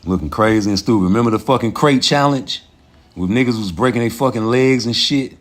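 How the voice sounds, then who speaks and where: A man hosting a casual livestream, ranting in a profane, animated way and laughing often. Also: medium pitch, fairly quick. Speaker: livestream host.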